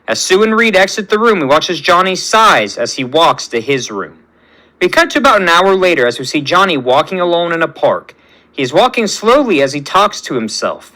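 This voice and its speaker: A man narrates a fan story aloud in a steady storytelling manner. His voice is bright, and the pitch rises and falls freely. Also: normal speed, poor audio.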